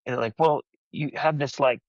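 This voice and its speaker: A man who is a podcast guest, explaining things in a measured, casual way. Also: mid-range voice, dry recording. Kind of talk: casual chat. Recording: dull lo-fi call audio.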